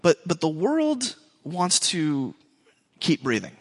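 A man's voice: fairly high pitch, wildly swooping pitch, takes it slowly, slightly rough. Preacher man in a reverberant hall. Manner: conversational, rambling with restarts and asides. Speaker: pastor. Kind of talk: sermon.

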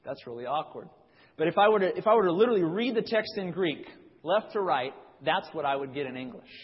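A man in his thirties preaching a sermon in a conversational, explanatory way, often restarting his sentences. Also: a little high. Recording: dull sound with long hall reverb.

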